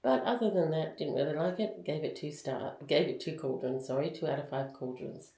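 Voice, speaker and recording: A woman's voice: low-pitched, expressive, brisk, warm tone, echoey room, low-quality recording. A woman giving a casual book review, candid and chatty, with plenty of ums and likes.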